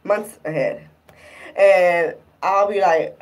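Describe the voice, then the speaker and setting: A vlogger speaks at a normal pace in a mid-range voice with a darkish tone, sitting distant from the mic. She rambles in exasperation through her relationship problems, leaning heavily on filler words.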